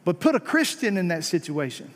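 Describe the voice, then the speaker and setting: A man preaching a sermon, talking conversationally with rhetorical questions and punching key lines with emphatic rises before dropping low. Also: sing-song, brisk. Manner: emphatic, rising to high stressed peaks then dropping low. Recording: long hall reverb.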